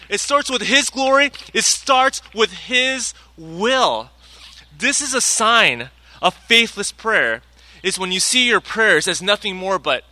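Bright, high-voiced pastor preaching. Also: male voice, no echo. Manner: conversational, animated, acts out anecdotes. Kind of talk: sermon.

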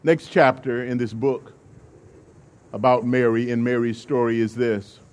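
A man's voice: medium pitch, fairly even intonation, a little slow. A male preacher delivering a sermon, emphatic and calling on the congregation to respond.

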